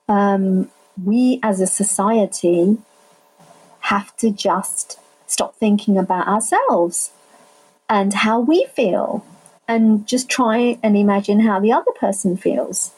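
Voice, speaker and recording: A middle-aged woman tells her own story with animated emphasis. Her voice is mellow and soft-edged, with a slightly husky grain. She puts on the voices of the people she quotes. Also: mid-range voice, a little slow, rough recording. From England. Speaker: family carer telling her story. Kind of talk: personal storytelling in conversation.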